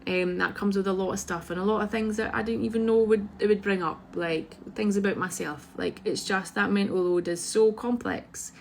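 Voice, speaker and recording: A woman's voice: mid-range voice, fairly even intonation, normal speed, vocal fry, few pauses, slight background noise. A Scottish woman, a mother, talking frankly to camera in a casual rant, blunt and full of swearing. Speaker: mother vlogging about parenting.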